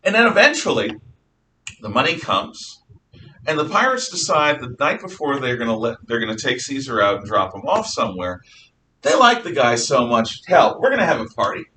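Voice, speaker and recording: A male teacher lecturing a class in a lively, swooping voice that sounds bright and forward. He tells the story with jokes, asides and restarts. The mic sits well back from him and a faint noise hums behind. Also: medium pitch, moderate pace, distant mic. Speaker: history teacher.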